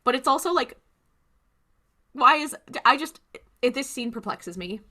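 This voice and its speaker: A woman's voice: high-pitched, animated, measured pace, bright, forceful tone. A woman co-hosting a podcast, giving opinionated commentary in a chatty, casual recap. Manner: opinionated, chatty, frequent "like" fillers. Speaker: podcast co-host.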